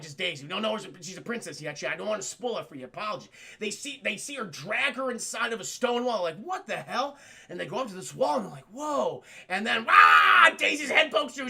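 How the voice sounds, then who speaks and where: A young man excitedly recapping a film for his live chat, swearing freely and acting out the characters' lines. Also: sits high, gravelly. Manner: profane, animated, acts out characters' lines. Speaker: streamer reviewing a film.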